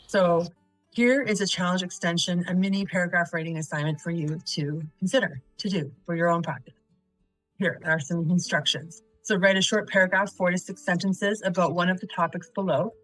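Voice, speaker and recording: Woman, writing teacher for a video lesson; lowish voice, dry close sound, methodical delivery, reads examples and quiz answers aloud. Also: moderate pace, dry recording, faint music behind, low-quality recording. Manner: quizzes the viewer, then gives answers.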